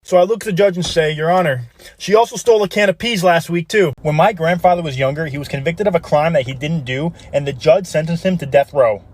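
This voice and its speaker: Brief: quick, higher-voiced man telling jokes, casual delivery. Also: darkish tone. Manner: casual storytelling with put-on voices. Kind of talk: telling a joke story.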